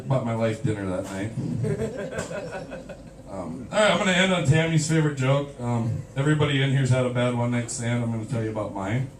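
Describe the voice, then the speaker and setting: On a small club stage, a male comic with a medium-pitched, expressive voice delivers a crude, self-mocking routine at normal speed, leaving long pauses. The audio is from a camcorder in the crowd: roomy, far away and noisy, with audience laughter behind him.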